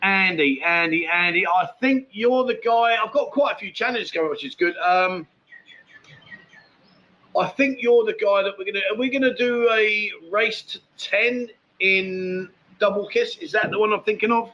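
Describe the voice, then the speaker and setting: A man's voice: high voice, moderate pace, bright, forceful tone, dull audio. A man hosting a casual live chat show, rambling and matey as he answers viewer comments. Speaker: livestream host.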